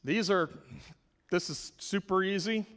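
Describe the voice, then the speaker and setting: A man's voice: high-pitched, unhurried, a bit bright. A man giving a volunteer training talk for a church special needs ministry, earnest and often repeating words as he thinks. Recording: long hall reverb.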